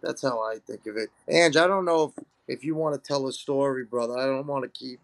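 Gravelly man in his thirties, emphatic. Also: mid-range voice, brisk. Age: 30s. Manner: emphatic, profane, calls others bro. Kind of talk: casual chat.

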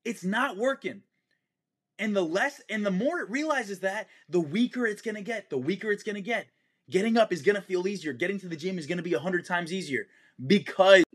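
A man's voice: high voice, brisk, husky. A young man hosting a fitness podcast, giving an intense motivational monologue full of swearing and repetition.

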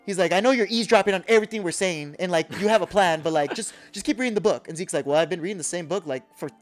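Fast-talking man recapping anime, profane. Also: faint music behind. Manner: profane, acts out character lines in a low voice. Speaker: podcast co-host. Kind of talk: excited anime episode recap.

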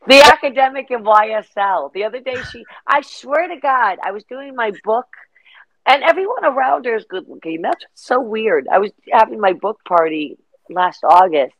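A woman's voice: on the high side, normal speed, no room sound, highs cut off. Middle-aged woman rambling thru stories on an interview, dry close mic. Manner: rambling, animated storytelling. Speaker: guest. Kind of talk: casual interview chat.

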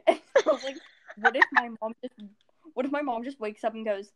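A woman's voice: fairly high pitch, a little fast, noisy background. A teenage girl co-hosting a podcast, chatting casually, giggly and rambling, stumbling over her words. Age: teens. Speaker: podcast co-host. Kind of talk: casual chat.

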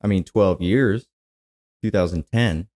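A man's voice: low-pitched, measured pace, darkish tone. A man hosting a podcast, talking in an easygoing, casual way. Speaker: podcast host. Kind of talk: casual chat.

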